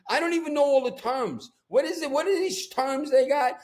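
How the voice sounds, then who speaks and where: High-pitched ranting New York man. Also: moderate pace, hardly any pauses. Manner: profane, ranting, animated. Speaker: podcast host. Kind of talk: casual chat.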